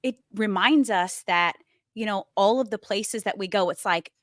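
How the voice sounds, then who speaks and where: A woman's voice: medium pitch, normal speed, no echo, studio quality. Gushing woman podcast host. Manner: enthusiastic, gushing. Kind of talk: casual interview chat.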